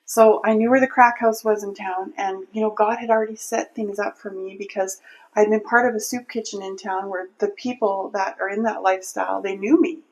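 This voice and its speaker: A woman's voice: mid-range voice, steady tone, brisk, darkish tone, poor audio. A woman telling a personal faith story in an interview, earnest and heartfelt, often restarting her sentences. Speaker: interview guest.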